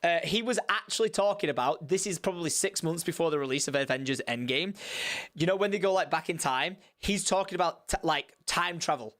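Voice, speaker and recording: A young man telling a story on a live stream, animated and rambling, with swearing and many restarts. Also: fairly high pitch, fairly quick.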